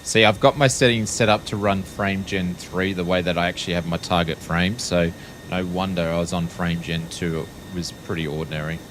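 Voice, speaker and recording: A man's voice: low voice, level tone, moderate pace, a bit bright, slight background noise. A man with an Australian accent giving wry, casual commentary on a live stream, with frequent ums. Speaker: flight sim streamer.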